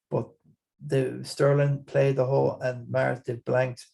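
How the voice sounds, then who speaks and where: This podcast host is a man with an Irish accent and a warm, creaky, medium-pitched voice. He rambles through a casual fantasy football chat, often restarting and repeating words.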